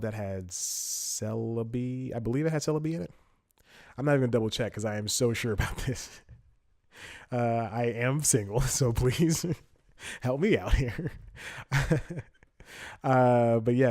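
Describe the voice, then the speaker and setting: A man's voice: medium pitch, darkish tone. A man hosting a solo podcast in casual commentary, chatty, thinking aloud and laughing often. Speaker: podcast host.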